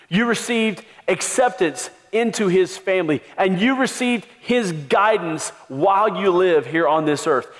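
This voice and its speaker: Emphatic preaching man in a reverberant hall. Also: fairly high pitch. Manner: emphatic preaching, raising the voice for stress. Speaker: pastor. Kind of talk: sermon.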